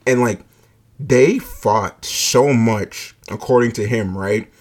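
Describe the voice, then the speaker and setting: A man spinning a personal story in a loose, unhurried way. His voice sits at an ordinary middle pitch, and the telling is peppered with curse words and the filler "like", with easy laughter between lines. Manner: laid-back, profane, heavy use of "like", laughs often.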